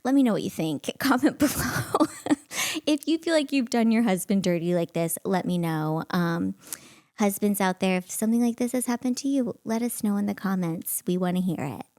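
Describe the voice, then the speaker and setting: A woman in her thirties hosting a solo podcast, telling a story in an animated, exasperated way and laughing as she goes. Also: mid-range voice, moderate pace, dry recording. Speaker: podcast host.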